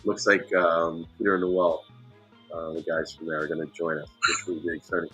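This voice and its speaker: Husky-voiced man chatting casually. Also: sits low, moderate pace, lo-fi sound, soft background music. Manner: animated storytelling, acts out others' voices. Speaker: host. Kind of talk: casual livestream chat.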